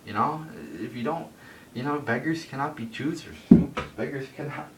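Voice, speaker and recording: A man records a solo wrestling review on his phone, ranting profanely and rambling with lots of filler words at a moderate pace. The mic is distant, so the sound has a roomy echo and a faint rumble.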